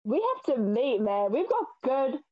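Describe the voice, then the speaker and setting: A woman's voice: a little high, very animated, normal speed, muffled recording. A woman from New Zealand, a guest on a dating game, chatting casually and laughing often. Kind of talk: casual chat.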